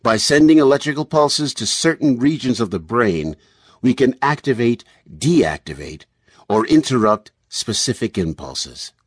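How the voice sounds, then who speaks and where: A man voicing a calm, confident male brain surgeon who explains in a measured way. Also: mid-range voice, breathy edge, dry recording, studio quality.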